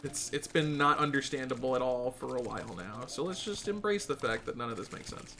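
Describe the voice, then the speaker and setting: Lively, bright-voiced exasperated game streamer. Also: medium pitch, a little fast. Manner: exasperated, excitable, talking to self and chat. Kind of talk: live gameplay commentary.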